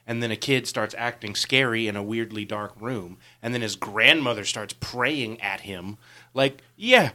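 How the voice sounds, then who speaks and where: A man co-hosting a podcast, skeptical and animated, chatting casually with swearing and laughter. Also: lowish voice, measured pace. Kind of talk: casual chat.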